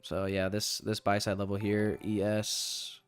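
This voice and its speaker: A young day trader streams live, talking casually in a rambling, frustrated way, restarting sentences and calling his viewers "boys." His lowish voice is monotone and clean at a measured pace, with faint music in the background.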